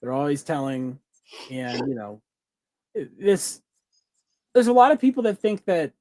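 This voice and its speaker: A man's voice: fairly high pitch, big pitch swings, a little slow, darkish tone, dry recording. A man co-hosting a podcast, chatting casually and enthusiastically in a rambling way, full of fillers and restarts. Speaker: podcast co-host. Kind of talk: casual review chat.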